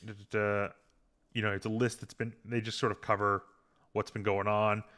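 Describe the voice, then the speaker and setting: Bright-voiced man recapping casually. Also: fairly low pitch, flat delivery, normal speed. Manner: rambling, retells scenes with filler hums. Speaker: podcast host. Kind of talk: casual episode recap chat.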